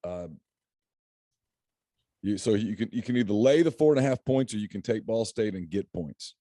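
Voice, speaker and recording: Low, mellow-voiced joking man. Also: expressive, moderate pace, dry recording, studio quality. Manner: chatty, joking, laughs often. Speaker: podcast host. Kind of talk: casual sports picks chat.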